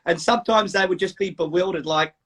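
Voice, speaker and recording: A middle-aged man with an Australian accent hosting a casual interview, laid-back and full of quick agreements. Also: high voice, a bit bright, breathy edge. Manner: laid-back, frequent "yep" backchannels. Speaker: interview host.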